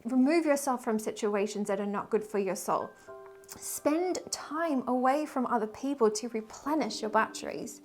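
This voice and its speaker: A woman giving a casual weekly tarot reading, emotional and rambling, with sighs and soft laughs. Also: on the high side, normal speed, soft background music. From Australia. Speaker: tarot reader and spiritual guide.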